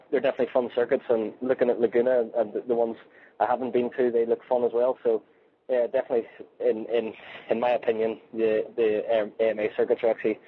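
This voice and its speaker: Fast-talking Northern Irish man on a phone line. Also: mid-range voice, husky. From Northern Ireland. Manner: chatty, many restarts. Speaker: motorcycle racer, guest. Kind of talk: phone interview. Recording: tinny phone line with faint noise.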